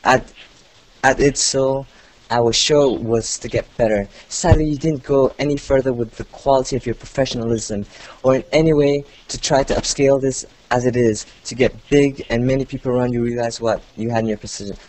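A man's voice: mid-range voice, fairly even intonation, a little fast, a little mellow, poor audio. A male podcast host reading out listener email in casual chat, interrupting himself with asides, often sounding sarcastic without meaning to.

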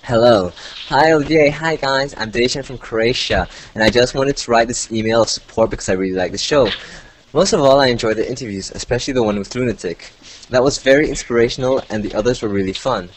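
A man's voice: medium pitch, fast. A man hosting a casual podcast, reading listener emails aloud in a mumbling, jokey way. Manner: mumbling, jokey, often laughing. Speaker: podcast host. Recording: lo-fi voice over internet call.

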